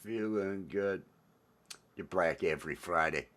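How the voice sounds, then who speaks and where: A man's voice: low-pitched, a little slow, fairly bright tone. A man hosting a casual livestream chat, talking in a laid-back, rambling way, repeating his phrases and greeting viewers by name. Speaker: livestream host.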